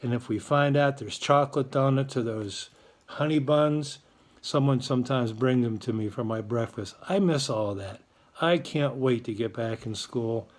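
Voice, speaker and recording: A man's voice: mid-range voice, moderate pace. A man hosting his school's morning announcements, chatty and encouraging toward students and parents. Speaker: school morning show host.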